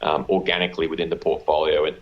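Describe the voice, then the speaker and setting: Deep-voiced Australian man, halting. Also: little pitch movement, muffled recording. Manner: halting, repeats words, many ums. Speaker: company executive guest. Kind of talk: business interview.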